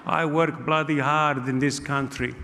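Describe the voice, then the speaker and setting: A man's voice: a little high, steady tone, a little slow, very noisy. A man voicing a stubborn, indignant older immigrant uncle, speaking broken English, recorded live in a hall with a long echo.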